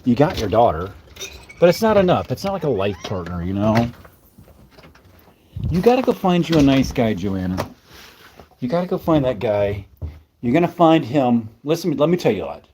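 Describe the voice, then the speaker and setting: Casual male stream host, mid-pitched voice, playful and teasing, loose rambling delivery. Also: big pitch swings, normal speed, pauses often, dark tone, a little hiss or hum. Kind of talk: casual chat with viewers.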